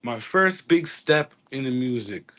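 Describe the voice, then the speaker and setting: A man's voice: mid-range voice, animated, unhurried, a bit bright. A man, a reggae artist talking casually in an interview, rambling with restarts and slang.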